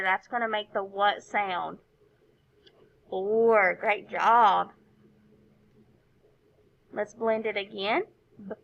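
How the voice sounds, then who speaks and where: A woman's voice: on the high side, a bit bright. A woman teaching a recorded phonics lesson to young children, sounding out each letter and praising often. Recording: dull, lo-fi recording.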